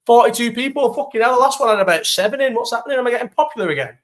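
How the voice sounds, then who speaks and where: A man's voice: extremely high pitch, racing. A young man chatting casually on a live stream, telling stories with lots of swearing and slang. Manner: animated storytelling, heavy swearing, slang. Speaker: live chat host.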